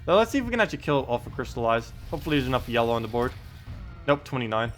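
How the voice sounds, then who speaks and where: A game streamer with a mid-range voice talks in rapid-fire bursts over soft background music. During his live stream he casually comments on his gameplay and answers viewer questions, sounding relaxed, thinking aloud and saying uh and um a lot.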